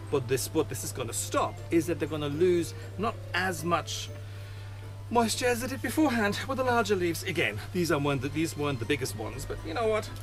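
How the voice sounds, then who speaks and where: A man hosting a gardening video outdoors in his garden, chatting casually through a how-to with self-mocking asides. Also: sits high.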